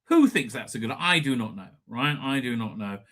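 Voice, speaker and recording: A man's voice: mid-range voice, lively intonation, moderate pace, fairly bright tone. A man hosting a live stream, ranting sarcastically and crudely at video clips and swearing freely.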